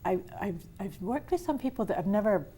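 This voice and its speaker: A woman's voice: medium pitch, very animated, fairly quick, mellow, a little hiss or hum. A woman hosting a casual conversation about wellness, talking with enthusiasm and frequent restarts. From Canada. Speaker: host.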